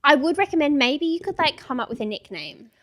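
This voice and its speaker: A woman's voice: sits high, sing-song, a little fast, crowd noise. A young Australian woman co-hosting a podcast, giggly and easily amused while giving advice. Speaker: podcast co-host. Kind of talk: casual chat, giving advice.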